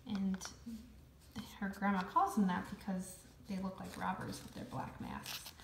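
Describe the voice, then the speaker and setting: A woman teacher reads a children's book aloud, chatting with the children and asking them questions along the way. Her voice sits in the middle of the usual range. The room adds a clear echo. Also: medium pitch, little pitch movement, measured pace, a little hiss or hum. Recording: roomy echo.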